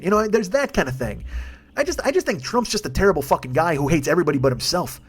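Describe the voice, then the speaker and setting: A man's voice: on the high side, very animated, quick pace, slightly rough. A man in his fifties hosting his own podcast, ranting in a profane, exasperated and emphatic solo monologue. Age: 50s. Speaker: podcast host and comedian.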